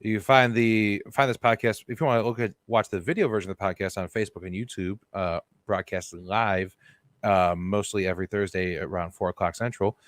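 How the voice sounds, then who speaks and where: A man with a fairly low, fairly even voice co-hosts a comedy podcast, recorded with no echo. In casual chat he jokes, teases his co-host and riffs fast on stories.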